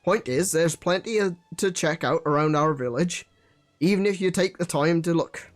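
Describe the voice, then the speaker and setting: A man's voice: a little high, moderate pace, soft background music, lightly acted. A man voicing a plain-spoken male village pumpkin farmer while reading game dialogue aloud. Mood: matter-of-fact.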